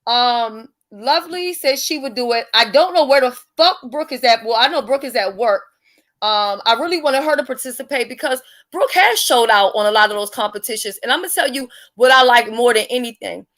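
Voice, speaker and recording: A woman hosting a casual live-stream chat, blunt, profane and animated. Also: a little high, brisk. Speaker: livestream host.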